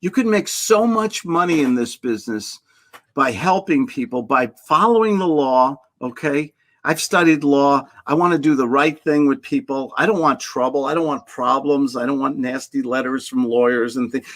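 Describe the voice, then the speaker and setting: A man's voice: medium pitch, expressive, normal speed, a bit bright. A man with a New York accent, a guest in an interview, talking in emphatic, punchy, repetitive bursts. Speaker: guest, real estate salesman. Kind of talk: casual interview chat.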